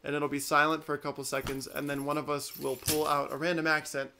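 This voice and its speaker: Animated young man telling stories. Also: fairly high pitch, quick pace, a little hiss or hum. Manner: animated storytelling, laughing often. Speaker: co-host. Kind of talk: casual chat.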